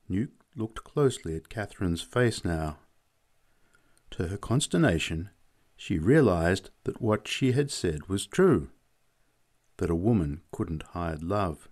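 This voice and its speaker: A man narrating a story aloud in a measured storytelling manner. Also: low-pitched, big pitch swings, a little mellow. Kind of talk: audiobook narration.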